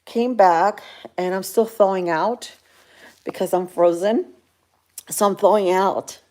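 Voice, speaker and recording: A woman's voice: mid-range voice, takes it slowly, warm tone. A woman chatting casually on a livestream, reading viewers' comments aloud and answering them. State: chilled from the cold. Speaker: livestream vlogger.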